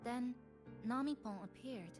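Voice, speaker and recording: A woman voicing a composed young woman in a video game, polite and gentle, speaking in an even tone. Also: on the high side, unhurried, natural voice. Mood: calm. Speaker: game character. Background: game music.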